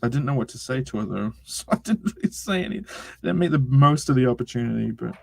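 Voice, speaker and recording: A man's voice: medium pitch, animated, quick pace, gravelly, a little mellow, a little hiss or hum. A young man casually streaming, reading chat aloud, laughing often and swearing freely.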